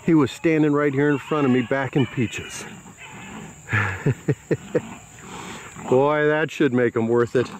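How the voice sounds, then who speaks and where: Taking it slowly and pausing often, a man who breeds dogs speaks at a medium pitch with fairly even intonation as he shoots handheld footage outside. Standing in a yard near a quail coop, he comments proudly and affectionately on the puppies while insects and crickets chirp around him.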